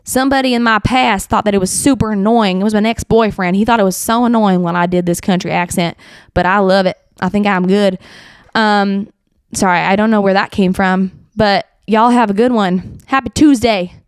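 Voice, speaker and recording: A woman's voice: mid-range voice, steady tone, moderate pace, smooth, no room sound. Twenties woman, solo podcast host, casual and filler-heavy, wry asides, dry close sound.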